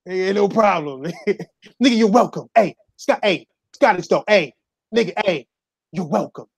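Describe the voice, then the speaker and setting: Casting: high-pitched man, dry close mic, rowdy laughing gamer banter. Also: expressive, measured pace, gravelly, breathy edge, dry recording. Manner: loud, profane, laughs often, playful impressions. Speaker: YouTube gamer co-host. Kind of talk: casual podcast chat.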